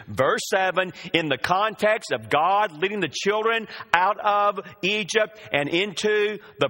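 A man's voice: sits high, bright, forceful tone. A man preaching a sermon, drawing out the scripture quotes with emphasis.

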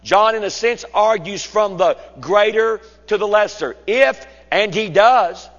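A man preaching an expository sermon, with slow, deliberate, emphatic phrasing. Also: sits high, a bit bright. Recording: dull lo-fi sound in a reverberant hall.

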